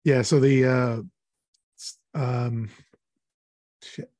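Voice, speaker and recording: A man's voice: medium pitch, fairly even intonation, drawn-out words, a little mellow, no echo, clean studio sound. A man hosting a podcast, chatting casually about a horror film in a rambling way, searching for words as he goes. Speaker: podcast host. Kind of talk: casual horror movie chat.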